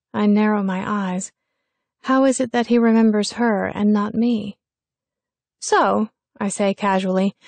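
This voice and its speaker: A woman's voice: mid-range voice, no room sound. A woman narrating an audiobook in the first person, telling the story in a wry, sardonic way.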